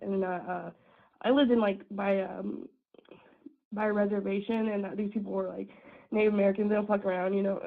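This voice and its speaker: A woman's voice: mid-range voice, little pitch movement, a little fast, vocal fry. A woman caller who is sick, telling a story bluntly, swearing and laughing along the way. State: sick, strained voice. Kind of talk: phone-in storytelling. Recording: tinny phone line.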